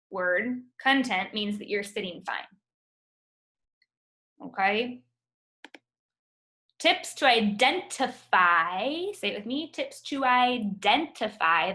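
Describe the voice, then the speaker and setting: A woman with a bright, forward voice teaches a phonics lesson over a video call. She talks at an unhurried pace and stretches each word out patiently so her students can follow along. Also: a little high. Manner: patient, drawn-out sounding of words.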